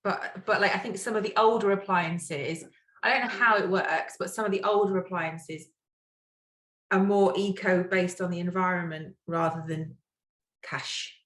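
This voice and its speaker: A woman's voice: lowish voice, steady tone, moderate pace, fairly bright tone, reverberant, rough recording. A woman from Manchester with a Manchester accent, co-hosting a podcast in casual, chatty conversation. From Manchester, England. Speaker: podcast co-host. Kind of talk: casual chat.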